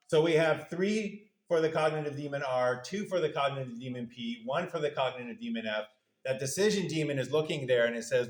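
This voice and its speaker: A man's voice: mid-range voice, brisk. A male university lecturer giving a casual classroom lecture, playfully acting out little voices for the parts of a model. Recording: echoey room.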